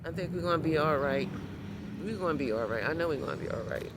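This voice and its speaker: A woman's voice: low voice, expressive, fast. A woman vlogging in casual talk, rambling and repeating reassurances to herself. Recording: noisy outdoor street recording.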